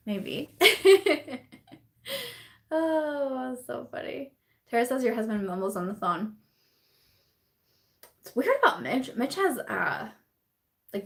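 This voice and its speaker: A woman's voice: medium pitch, animated, unhurried, pauses often. A young woman hosting a casual live-stream chat, bubbly and giggly, full of fillers and laughter as she reads viewer comments.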